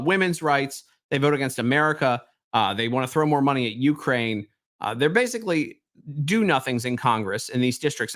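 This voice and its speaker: Sarcastic man with lively pitch. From Southwest Baltimore, US. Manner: sarcastic, mocking, swings between mutters and loud outbursts. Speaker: commentary show host. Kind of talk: reaction commentary.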